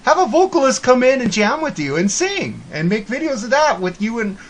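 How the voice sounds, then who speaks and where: Blunt high-voiced man giving advice. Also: sing-song, fairly quick. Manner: blunt, frank, swears casually. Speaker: podcast co-host. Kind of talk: casual chat.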